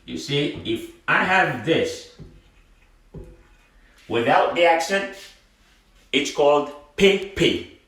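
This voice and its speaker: Slow, patient man teaching in an echoey room. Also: a little high, lively intonation, fairly bright tone, far from the mic. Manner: slow, patient, repeats sounds for drilling. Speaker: language teacher. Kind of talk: classroom-style lesson. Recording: very echoey room, speaking off-mic.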